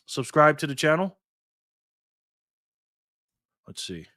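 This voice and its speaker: A man hosting a live stream and reading out viewer comments in casual chat, excitable and chatty, his pitch and volume swinging widely. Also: slow, creaky, long pauses, no room sound, clean studio sound.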